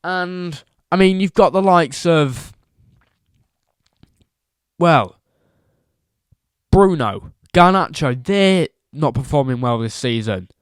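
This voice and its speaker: A man's voice: on the high side, animated, takes it slowly, long pauses, clear, resonant tone, no room sound, clean studio sound. A man giving a casual football opinion rant as a vlogger, emphatic and repetitive, firing off rhetorical questions.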